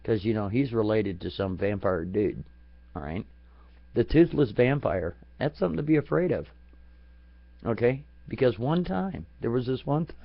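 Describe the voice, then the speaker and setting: A man's voice: lowish voice, lively intonation, normal speed, gravelly, no echo. A man ranting crudely and comically, often breaking into laughter at his own jokes. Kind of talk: profane comedic rant to a stream. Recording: dull lo-fi home recording.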